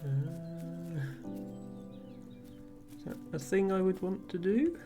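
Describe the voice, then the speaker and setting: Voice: mid-range voice, slow pace, over loud music. A streamer playing a game live, chatting casually and amused while reading chat messages aloud.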